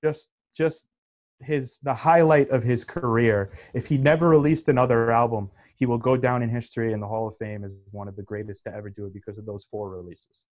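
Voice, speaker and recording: A man's voice: medium pitch, steady tone, fairly quick, a little mellow. A man in his thirties, co-hosting a podcast, telling a story in casual chat and swearing freely. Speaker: podcast co-host.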